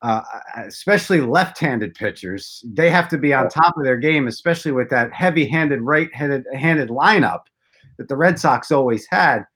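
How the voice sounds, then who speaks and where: A man's voice: medium pitch, lively intonation, normal speed, fairly bright tone, breathy edge. A man chatting about baseball, telling long rambling stories with self-deprecating jokes. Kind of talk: casual chat.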